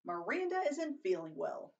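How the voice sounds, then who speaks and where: A woman's voice: mid-range voice, big pitch swings, moderate pace, gravelly, a little mellow, distant mic, dull audio. A woman reading a story aloud, voicing a short-tempered male drama teacher who snaps curt, exasperated orders. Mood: bossy, angry.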